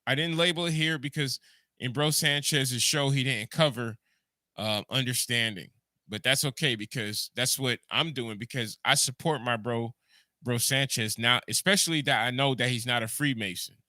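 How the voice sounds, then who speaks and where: With a sharp, medium-pitched voice at a normal pace and no echo, this Jamaican-accented podcast host chats casually on a livestream, meandering through thoughts, echoing his own words and replying to viewers' messages.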